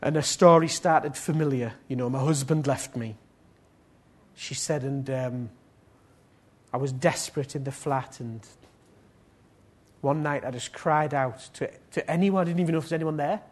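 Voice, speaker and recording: A man preaching a sermon and leading prayer, swinging between loud pleading appeals and soft, low passages. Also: normal speed.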